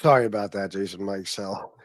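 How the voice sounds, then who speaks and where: A man's voice: on the low side, a little fast, no room sound, clean studio sound. A man hosting a livestream, chatting casually and rambling, swearing often and laughing as he reads comments from his viewers. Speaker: livestream host.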